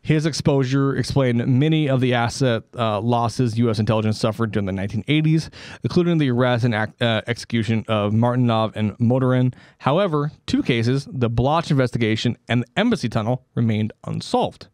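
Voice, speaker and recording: A man co-hosting a comedy podcast, reading out a story in a casual, offhand way. He trips over names and tosses in jokes as he goes. His voice sits at a middling pitch and sounds dry and close to the mic. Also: fairly quick, a little mellow, no room sound. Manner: stumbling over names, joking asides. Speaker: podcast co-host.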